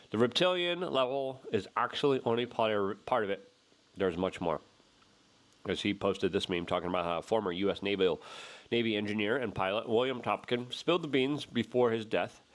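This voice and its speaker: A man hosting a political commentary show, talking in an exasperated, sarcastic way and mocking others with sudden high-pitched voices. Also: moderate pace. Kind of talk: animated solo commentary.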